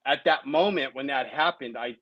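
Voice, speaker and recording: A man in his late thirties, medium-pitched and at normal speed, is interviewed as a guest on a dry, dull-sounding recording. He shares his personal recovery story conversationally, often adding "right?" and "you know".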